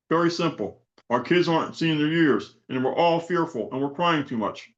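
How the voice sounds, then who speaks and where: A man's voice: on the high side, animated, a little fast, few pauses. Guy on a video call doing a fired-up spoken poem, lots of "how many" questions, kinda muffled audio. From South Florida. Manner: repetitive rhetorical questions, preacher-like build. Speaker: event host.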